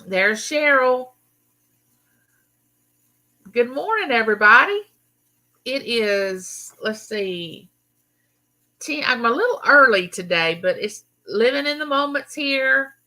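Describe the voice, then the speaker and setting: A woman's voice: a little high, lively intonation, slow pace, pauses often, pushed and bright, low-quality recording. Chatty Southern woman greeting viewers. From Mississippi, US. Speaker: YouTube channel host. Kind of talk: casual livestream chat greeting viewers.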